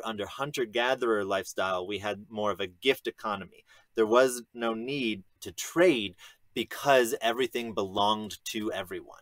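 A man giving an earnest, measured history lecture on his own, now and then restarting a phrase. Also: lowish voice, fairly bright tone, dry recording. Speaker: educator presenting a history lecture. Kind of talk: explanatory lecture monologue.

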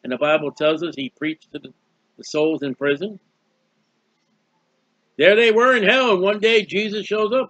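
A man delivers a Bible teaching sermon in a high voice, folksy and emphatic, often asking a question and answering it himself. The recording is dry and dull, with a muffled lo-fi sound. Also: normal speed, pauses often, fairly bright tone, no room sound. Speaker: preacher.

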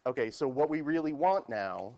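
A man's voice: medium pitch, lively intonation, moderate pace, mellow, lo-fi sound. A man teaching a math class at the board, explaining step by step and asking his students questions.

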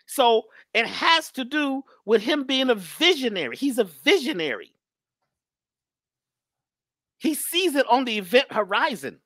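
A woman's voice: on the high side, a bit bright, no echo, clean studio sound. A woman giving an emphatic spiritual talk in a preachy manner, often repeating her phrases. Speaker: spiritual speaker.

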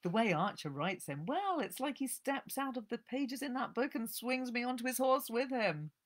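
A woman's voice: a little high, animated, normal speed, pitched above the performer's own voice. A woman putting on a giddy, bawdy old mountain woman. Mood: swooning, bawdy.

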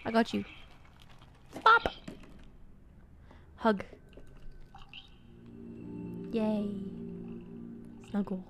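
A young woman streaming a horror game, chatting playfully and cooing to an in-game companion, swinging from quiet muttering to excited squeals. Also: medium pitch, takes it slowly, pauses often, a little hiss or hum. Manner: playful, talks baby-talk to a game companion. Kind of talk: casual gameplay commentary.

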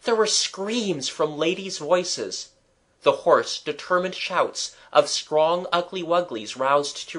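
A man narrating a children's audiobook chapter in a measured, expressive storytelling manner. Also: a little high.

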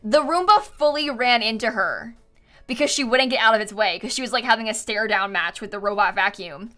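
Giggly bright-voiced young woman streamer. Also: a little high, fairly quick, faint music behind. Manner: giggly, chatty, rambling. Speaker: game streamer. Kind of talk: casual live-stream chat while playing.

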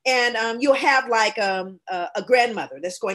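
High-voiced woman guest recounting a story. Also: normal speed, hardly any pauses, a bit bright. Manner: earnest storyteller, voices the people she describes. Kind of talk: casual conversation, recounting experiences.

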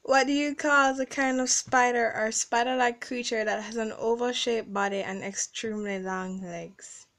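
A woman's voice: fairly high pitch, steady tone, moderate pace, few pauses, fairly bright tone. A young woman from the Caribbean with a Caribbean English accent, chatting casually in a vlog recorded on her phone and reading out word lists. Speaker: vlogger.

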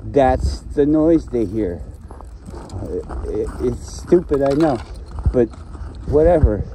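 A man's voice: mid-range voice, big pitch swings, takes it slowly, warm tone, slight background noise, low-quality recording. A man ranting to himself in a rambling solo vlog, swearing often and complaining. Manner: profane, complaining, talks to himself. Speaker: vlogger.

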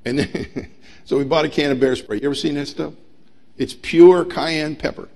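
A middle-aged man preaching a sermon as pastor, emphatic and humorous, swinging between loud pushes and quiet asides. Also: a little high, moderate pace, gravelly. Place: church sanctuary.

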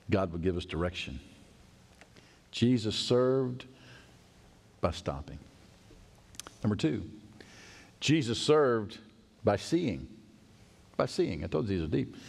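A male pastor preaching a sermon in a church, animated and acting out the voices of people in the story. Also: mid-range voice, gravelly. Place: church sanctuary. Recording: long church hall reverb.

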